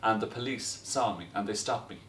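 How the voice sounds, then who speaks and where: A man's voice: lowish voice, brisk. Man telling a story in a roomy space. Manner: lively storyteller, breaks into laughter. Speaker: guest telling stories. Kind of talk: casual anecdote. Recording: roomy echo, distant from mic, faint noise.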